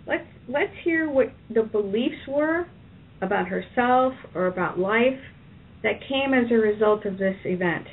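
Brief: female practitioner, calm and directive, slightly high voice, heard distantly over a tinny phone line. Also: a little slow. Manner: calm, directive, leads phrases to repeat. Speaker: tapping practitioner guiding a client. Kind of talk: guided tapping session.

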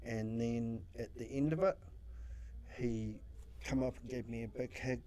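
A man's voice: mid-range voice, fairly even intonation, a little slow, warm tone, a little hiss or hum. A New man, a social worker, telling stories in a casual interview, acting out his own quotes and swearing freely. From New Zealand.

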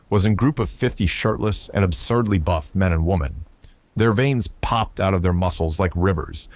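Guy reading a sci-fi story out loud, low voice, dry close sound. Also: no echo. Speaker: story narrator. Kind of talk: scripted narration.

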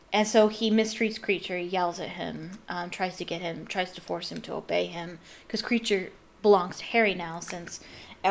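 A woman chatting casually about a book she loves, enthusiastic and rambling, with plenty of fillers and restarts. Her voice sits at an ordinary middle pitch. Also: creaky. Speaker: book reader and fan commentator.

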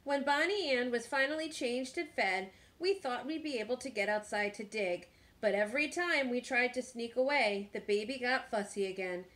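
A woman teacher reading a picture book aloud in a slow, expressive storytime manner. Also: a little high.

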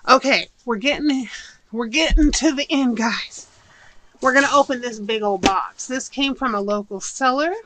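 A woman's voice: a little high, normal speed, a bit bright, rough recording. A middle-aged woman chatting casually to viewers while unboxing a haul, with giggles along the way. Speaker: haul vlogger. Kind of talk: casual haul video chat. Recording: audible background noise.

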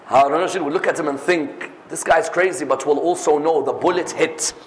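A male preacher telling stories in a sermon, acting out each character with lively delivery. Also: on the high side, a little fast, slight background noise. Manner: animated, acts out every character. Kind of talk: sermon storytelling. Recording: echoey hall reverb.

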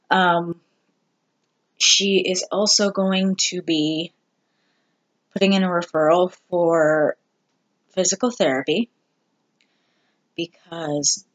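A vlogger giving a candid personal update, talking slowly and haltingly with many ums and restarts. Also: mid-range voice. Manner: candid and self-deprecating. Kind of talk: casual personal health update.

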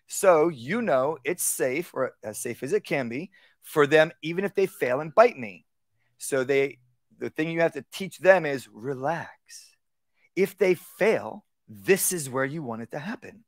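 A man with a slightly higher voice teaches dog training at a live workshop. He talks in an easy, conversational way and drops into a calm, low voice to act out commands to a dog. The sound is close and dry. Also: no echo. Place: outdoor workshop.

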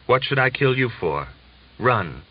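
A man's voice: medium pitch, very animated, unhurried, breathy edge, pitched above the performer's own voice. A man voicing a Russian soldier and working man who talks in an urgent, brotherly way, on a dull lo-fi audiobook recording.

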